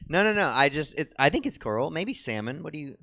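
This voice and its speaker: A man's voice: a little high, big pitch swings, fast, gravelly, a bit bright, slight background noise. A man co-hosting a comedy show, rambling in a chatty, self-mocking way as he talks with a theater audience. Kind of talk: rambling stand-up style chat with the audience.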